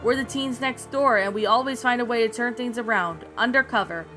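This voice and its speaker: A woman's voice: a little high, pushed and bright, faint music behind. A woman voicing a confident teenage girl agent with a put-on thick British accent. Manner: brisk, reassuring.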